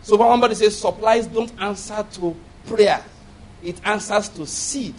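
A man's voice: high-pitched, moderate pace. A man preaching a sermon, driving points home with repetition and call-and-response questions to the congregation. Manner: emphatic call-and-response preaching, repeating key phrases.

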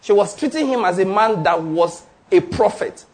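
A man preaches with a high, bright voice that leaps up and down in pitch. He drives his points home emphatically, asking questions and waiting for the congregation to call back. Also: lively intonation, moderate pace. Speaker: pastor. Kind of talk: sermon.

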